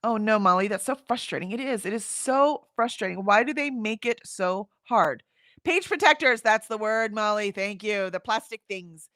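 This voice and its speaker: This middle-aged livestream host from Houston, Texas, speaks in a mid-range voice with a fairly bright tone, a moderate pace, and few pauses. She chats casually, rambling and laughing as she reads comments, in studio-quality audio with no room sound.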